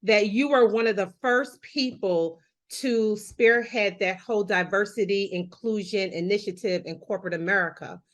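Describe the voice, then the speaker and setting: A woman's voice: medium pitch, moderate pace. A woman in her forties hosting an interview, chatty and openly emotional. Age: 40s. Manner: chatty and warm-hearted, emotional. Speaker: host. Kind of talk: conversational interview.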